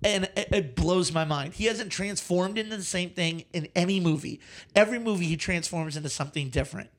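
A man co-hosting a casual movie podcast, ranting with animated exasperation and frequent swearing. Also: high voice, fairly quick. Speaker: podcast co-host.

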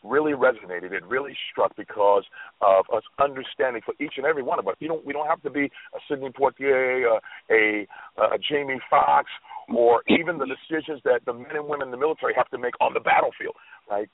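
A man's voice: medium pitch, fast talker, no room sound. A man co-hosting a motivational talk show, telling a story in an earnest, thoughtful way with frequent restarts, heard over a tinny phone line.

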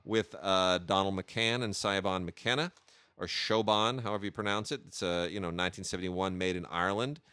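Bright-voiced, eager male film show host. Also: low-pitched, fairly even intonation, brisk, clear, resonant tone, no room sound. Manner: enthusiastic, with many hesitations and restarts. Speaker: podcast host reviewing film releases. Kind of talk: casual chat.

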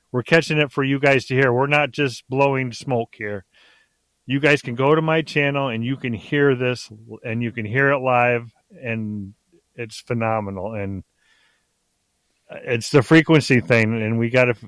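A middle-aged man telling stories as a podcast guest in a rambling, excitable way, often restarting his sentences. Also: medium pitch, clear, resonant tone, no echo. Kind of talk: casual storytelling on a podcast.

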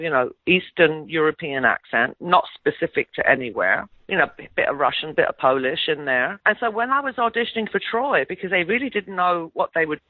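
A middle-aged actress from England with a mid-Atlantic English accent, chatting through an interview story by story with plenty of ums and restarts. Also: female voice, mid-range voice, dry recording. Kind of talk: casual interview chat. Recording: tinny phone-like line, dry.

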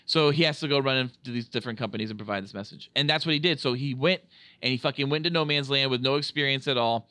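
A man hosting a casual movie review podcast, talking in an animated, jokey way with plenty of swearing. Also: medium pitch, fast talker, no echo. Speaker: podcast host. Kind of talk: casual film review chat.

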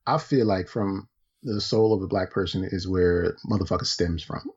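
Male podcast co-host: deep, gravelly, husky, laid-back and profane, lo-fi sound. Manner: laid-back, slangy and profane, drawn-out joking riffs. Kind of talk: casual podcast banter. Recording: dull lo-fi podcast audio.

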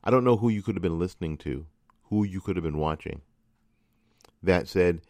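Deep-voiced man ranting angrily. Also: moderate pace, long pauses, a little mellow, no echo, clean studio sound. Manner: angry, ranting, repetitive. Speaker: radio host. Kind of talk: political commentary monologue.

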